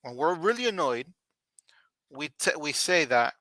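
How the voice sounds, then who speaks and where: A man teaching English vocabulary on a live stream, speaking slowly and deliberately and repeating key words for his learners. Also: on the high side, sing-song, bright, forceful tone, no echo.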